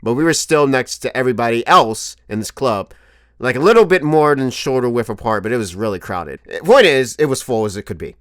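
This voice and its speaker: A man in his twenties telling a comic story to camera as a vlogger, animated and profane, often laughing. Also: medium pitch, a little fast, dry recording, studio quality. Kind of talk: comedic storytelling monologue.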